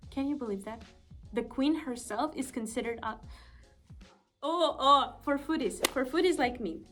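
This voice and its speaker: A young woman from Estonia chatting casually to the camera as a vlogger, emphatic and repeating her points. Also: on the high side.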